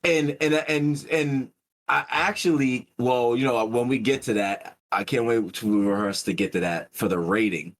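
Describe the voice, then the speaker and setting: A man's voice: medium pitch, measured pace. Guy on a chill podcast, lots of restarts and slang, kinda loose delivery. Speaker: podcast co-host. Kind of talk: casual chat.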